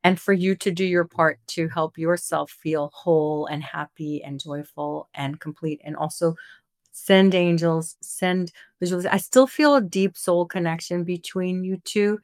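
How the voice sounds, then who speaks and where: Woman, spiritual group leader, gentle, affectionate, lowish voice, dry sound, video call. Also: unhurried, no echo. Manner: gentle, affectionate, many fillers. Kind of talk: online group session.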